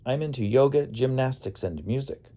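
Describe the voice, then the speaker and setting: A man's voice: medium pitch, expressive, normal speed, warm tone, voice pushed up, close to an everyday voice. A man voicing an eager young woman. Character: bright friendly young woman on tour.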